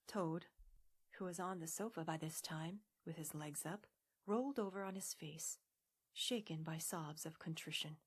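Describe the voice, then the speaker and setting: A woman narrating a classic storybook in a gentle, hushed audiobook voice. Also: sits low, normal speed, husky. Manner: gentle, hushed, half-whispered.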